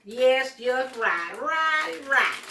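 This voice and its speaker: A woman putting on a hammy, drawn-out show-host persona of herself in an echoey kitchen. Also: high-pitched, animated, pushed and bright, slight background noise, heavily acted. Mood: showy. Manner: drawn-out, showy announcer delivery.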